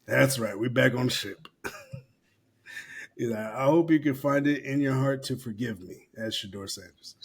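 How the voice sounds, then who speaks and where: Husky and a little slow, a mid-range male voice belongs to an easygoing, profane podcast co-host who laughs through a read-aloud during casual conversation.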